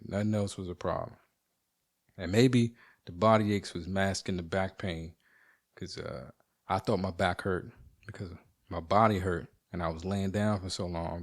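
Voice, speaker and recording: Lower-voiced man telling a story. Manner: animated, profane, rambling. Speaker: podcast host. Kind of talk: casual storytelling monologue. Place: at home.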